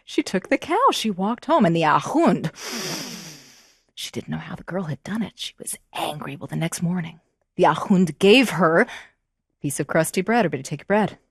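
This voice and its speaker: Woman storyteller, animated and expressive, with a lively pitch and a close, dry sound. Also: moderate pace, gravelly, slightly rough, dry recording. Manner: animated, expressive, prompting the audience to join in. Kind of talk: live storytelling to children.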